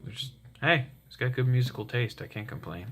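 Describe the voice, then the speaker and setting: A man's voice: medium pitch, fairly quick, noisy background. A man giving an opinionated, rambling monologue at home as a commentary vlogger, often wandering into asides. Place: home, roommate nearby.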